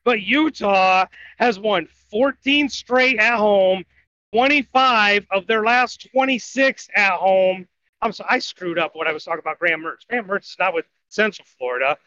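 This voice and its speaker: Podcast co-host, male, high bright voice, rambling betting picks, lo-fi sound. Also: normal speed, dry recording. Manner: rambling, self-correcting picks. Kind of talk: casual sports betting talk. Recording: dull lo-fi audio.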